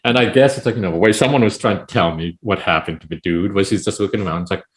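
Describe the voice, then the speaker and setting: A man guesting on a podcast as a poet, talking in a rambling, animated way full of "it's like, you know". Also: fairly low pitch, quick pace. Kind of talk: casual podcast chat.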